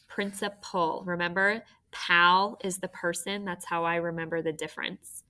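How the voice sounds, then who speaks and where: A woman teacher giving a phonics spelling lesson, dictating words and slowly spelling out letters for young students. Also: fairly low pitch, level tone, bright, forceful tone, smooth.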